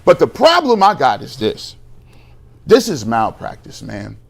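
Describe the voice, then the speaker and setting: A man's voice: medium pitch, wildly swooping pitch, a little slow, vocal fry. A man co-hosting a sports talk show, ranting in a heated, slangy, exasperated way about coaching decisions.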